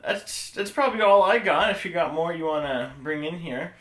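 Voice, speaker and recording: A man co-hosting a podcast, nitpicking a movie in casual chat with joking, deadpan asides. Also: fairly high pitch, moderate pace, echoey room. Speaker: podcast co-host.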